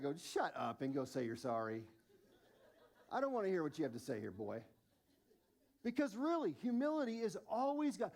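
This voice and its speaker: Man, 40s, pastor, sermon, high voice, animated, self-mocking storytelling. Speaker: lead pastor.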